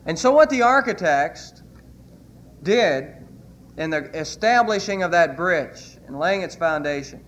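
A man with a notably high voice delivers a sermon from the pulpit. He retells scripture earnestly and leans hard on key phrases. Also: animated, a little slow, a bit bright. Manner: earnest preaching, retelling scripture with emphatic quotes. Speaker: pastor.

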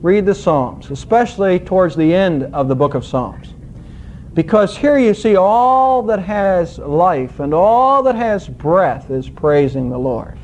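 A male pastor preaching a sermon, teaching scripture with an expressive, emphatic storytelling manner. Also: sits high, a little slow, a little hiss or hum.

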